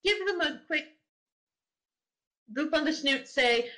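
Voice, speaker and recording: A woman who does voice acting, chatting as a guest on a podcast and giggling through quick asides. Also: high voice, animated, fairly bright tone, poor audio. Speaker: guest voice actor. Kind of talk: casual podcast chat.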